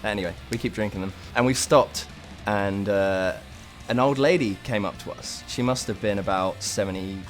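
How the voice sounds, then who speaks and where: A man's voice: lowish voice, moderate pace, hardly any pauses, faint music behind. A young British man in a rock band, telling a road-trip anecdote casually and laughing often. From United Kingdom. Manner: animated storyteller, laughs often. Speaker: band member.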